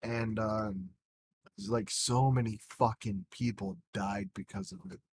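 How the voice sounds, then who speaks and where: A man with a fairly low, creaky voice speaks a little slowly, with some hiss or hum in the audio. He co-hosts a casual podcast, telling rambling stories and swearing freely.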